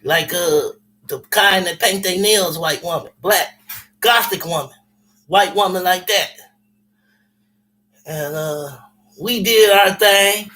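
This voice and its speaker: A man telling a story in casual chat, animated and profane, with lots of repetition. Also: sits high, slow, long pauses, soft background music, low-quality recording.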